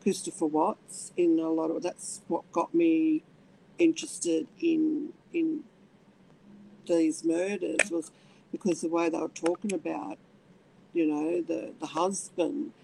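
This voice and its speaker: A middle-aged woman, telling her personal story in halting speech with many restarts. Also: lowish voice, very animated, vocal fry, warm tone, a little hiss or hum, poor audio. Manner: halting, many restarts, acts out voices in quotes. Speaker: interviewee.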